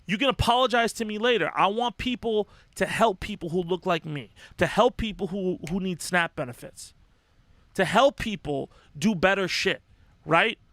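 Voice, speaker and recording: Young male streamer, high bright voice, sweary and fired up, dry close sound, casual rambling delivery. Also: animated, unhurried, no room sound. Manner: profane, impassioned, rambling with restarts. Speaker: livestream host. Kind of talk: casual livestream commentary.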